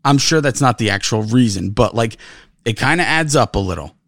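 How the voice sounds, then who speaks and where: Co-host, male, heated sports rant, swearing, very animated delivery, dry close mic. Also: mid-range voice, a little fast, creaky, no room sound. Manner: profane, frustrated, repeats himself. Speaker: podcast co-host.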